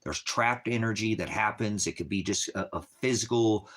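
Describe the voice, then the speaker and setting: Rambling, profane man with a lowish voice. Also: normal speed, fairly bright tone. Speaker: ministry leader. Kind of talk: casual livestream talk.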